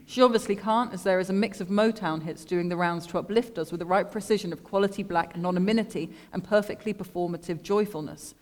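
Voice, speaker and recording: A woman artist reading her own literary text aloud to an audience in a measured, deadpan way, speaking into a microphone. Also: on the low side. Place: lecture room at an art school.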